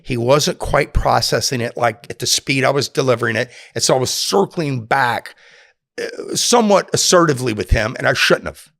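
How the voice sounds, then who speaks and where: Gravelly, husky man telling a story. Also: medium pitch, normal speed, fairly bright tone. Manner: reflective, self-critical storyteller. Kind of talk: casual storytelling conversation.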